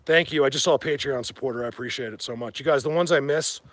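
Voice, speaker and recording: A man hosting a casual livestream from outdoors in the rain, talking excitedly to viewers through a handheld phone as he walks. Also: mid-range voice, fast, dry recording. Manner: rambling, excitable, addresses viewers. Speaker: livestream host. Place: outdoors in woods during rain.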